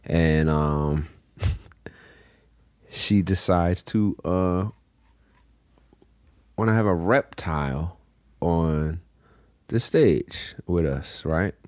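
A man with a very low voice tells his stories in lively, animated bursts and laughs often. The sound is dry and close. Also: very slow, pauses often, no room sound. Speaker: podcast guest, bassist. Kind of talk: casual chat.

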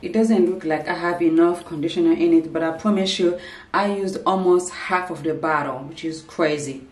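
Speaking to her viewers from home, this lifestyle vlogger wanders casually from thought to thought at a moderate pace. She has a somewhat low voice, and the echoey room is easy to hear.

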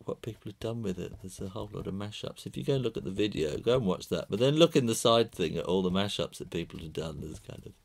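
Gravelly, chatty British man. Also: lowish voice, lively intonation, fast, hardly any pauses. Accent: British English. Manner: chatty, rambling, laughs often. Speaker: illustrator teaching drawing. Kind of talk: casual drawing tutorial.

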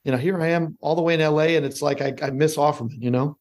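Lively, swearing middle-aged guest. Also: male voice, on the high side, fast. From Chicago. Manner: lively storyteller, swears casually. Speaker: actor guest. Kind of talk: casual podcast chat.

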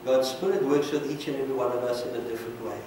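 A man's voice: mid-range voice, steady tone, very fast, warm tone, a little hiss or hum. A man leading an altar call as pastor, praying earnestly and repeating short pleading blessings over the congregation. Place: large church sanctuary. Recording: very echoey church from far off.

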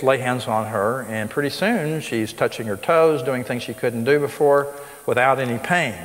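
A man preaching a sermon to a live audience, emphatic, with his voice rising sharply on the points he stresses. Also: mid-range voice. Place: school hall with live audience. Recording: long reverb of a large hall.

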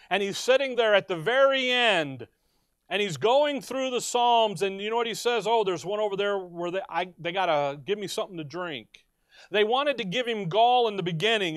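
A high-pitched man preaches a sermon with a clear, resonant voice, recorded close and dry. He swings between hushed asides and loud, impassioned cries as he reads scripture aloud. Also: no room sound. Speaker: pastor.

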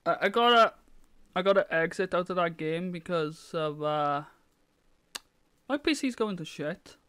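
A young man commenting on a horror game as he plays, often shouting, swearing and panicking. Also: sits high, animated, a little slow, smooth. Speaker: gaming video host.

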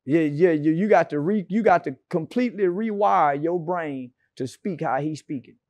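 A man's voice: fairly high pitch, normal speed, a little mellow, no room sound. A man being interviewed, telling stories in a brash, profane and mocking way with sarcastic asides. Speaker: interview guest. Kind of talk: casual interview storytelling.

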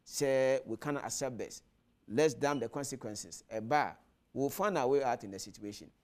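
Firm Ghanaian clergyman, mid-pitched. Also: moderate pace, a little mellow. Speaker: clergyman guest addressed as Father. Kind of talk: studio panel discussion mixing Twi and English.

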